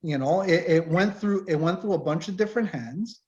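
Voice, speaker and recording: Animated male mechanic instructor, muffled call audio. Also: high voice, a little fast. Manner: animated, tells shop stories, acts out customers. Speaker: automotive course instructor and mechanic. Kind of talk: casual online info session. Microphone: video call.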